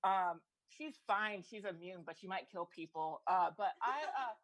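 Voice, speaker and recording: A woman working through a loose comic story in stand-up style, her sentences doubling back and restarting as she goes. She talks at a middle pitch, chuckling between her lines. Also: expressive, a little slow, a bit bright, rough recording. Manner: rambling, self-interrupting, laughs through lines. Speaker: comedian.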